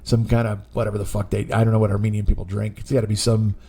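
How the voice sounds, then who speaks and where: A man's voice: on the low side, level tone, racing, dark tone, husky. A man in his forties, a comedian hosting his own podcast, telling a rambling, profane story. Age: 40s. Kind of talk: comic storytelling monologue.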